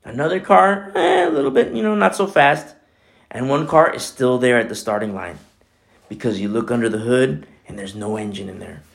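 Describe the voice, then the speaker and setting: Male pastor, mid-range voice, casual animated sermon with lots of asides. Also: medium pitch, moderate pace, gravelly. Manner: conversational, animated preaching with many asides.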